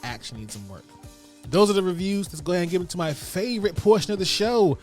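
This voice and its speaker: A man hosting his own podcast, giving quick hyped reviews in a slangy style that speaks straight to his listeners. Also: high voice, animated, soft background music. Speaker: podcast host. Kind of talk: casual podcast chat and rapid review rundown.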